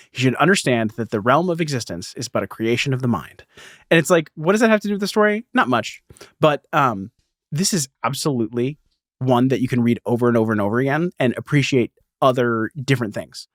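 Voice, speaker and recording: A man with an average-pitched voice chats through a comic book story on a podcast, laughing lightly as he narrates the panels. The sound is close and dry, with no room around it. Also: no echo. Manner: laughs often while retelling scenes. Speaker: podcast co-host. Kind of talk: casual comic book discussion.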